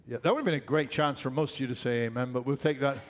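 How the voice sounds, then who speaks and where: A man's voice: mid-range voice, fast talker. An older man preaching a sermon, emphatic and repeating his key phrases. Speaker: pastor.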